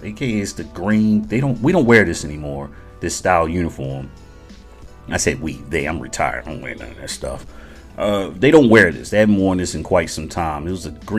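Middle-aged male veteran, deep voice, lively casual podcast storytelling. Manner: conversational, addresses listeners directly, chuckles often.

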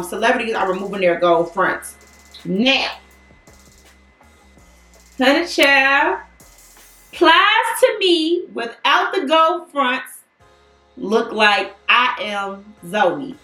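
A woman hosting a casual celebrity gossip chat, talking in an animated, slangy and playful way. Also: mid-range voice. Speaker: podcast host. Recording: echoey room, far from the mic.

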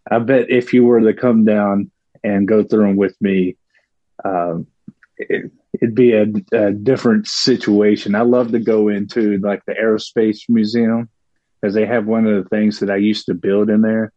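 A man's voice: on the low side, flat delivery, normal speed, warm tone, dry recording. A man who is a guest on a podcast, chatting casually and liking to stir the pot, often laughing at his own points. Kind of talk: casual conversation. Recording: dull, dry lo-fi sound.

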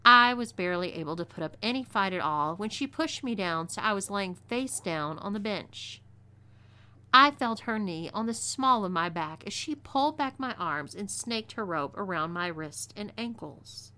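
A woman with a Texan twang narrating a scripted first-person western story with expressive delivery. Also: mid-range voice, normal speed, smooth. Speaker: narrator, audio story reader.

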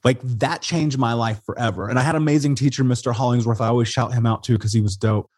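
A man from Indiana, an interview guest, telling his life story in a casual, animated way, swearing and calling people "dude" and "man". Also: medium pitch, fast talker, breathy edge, no room sound. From Indiana, USA.

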